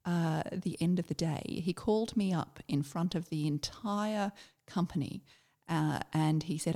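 A middle-aged Australian woman, a former army officer, telling a personal story in a reflective, halting way with many fillers. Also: fairly low pitch, mellow.

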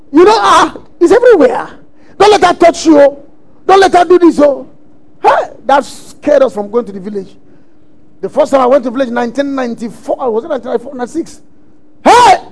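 A man preaching a sermon, emphatic and often shouting lines as he acts out quotes. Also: extremely high pitch.

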